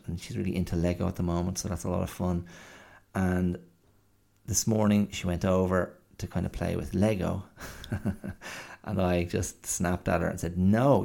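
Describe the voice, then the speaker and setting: A man's voice: sits low, vocal fry, a little mellow. A middle-aged man hosting a podcast, telling a rambling, self-deprecating story with lots of fillers. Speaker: podcast host. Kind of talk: casual monologue.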